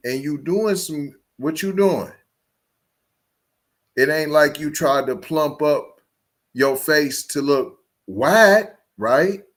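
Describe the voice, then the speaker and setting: Podcast host guy, kinda high voice, swings up and down a lot, keeps throwing questions back. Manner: confrontational, rapid rhetorical questions. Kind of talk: reaction commentary.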